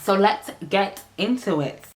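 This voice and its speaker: A woman's voice: mid-range voice, measured pace, very noisy. Playful British-born woman vlogger, echoey. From United Kingdom. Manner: playful, animated, laughs often. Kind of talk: casual chat to camera.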